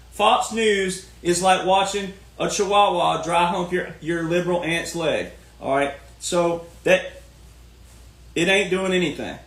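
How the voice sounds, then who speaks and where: A man's voice: sits high, a bit bright. A man delivering a folksy, preachy political rant, repeating his points. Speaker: commentary host. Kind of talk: ranting political monologue. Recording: roomy echo.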